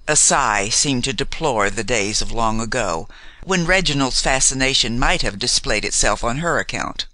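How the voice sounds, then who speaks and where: A man narrating an audiobook in a measured, formal manner. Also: medium pitch, animated, bright, forceful tone, no echo.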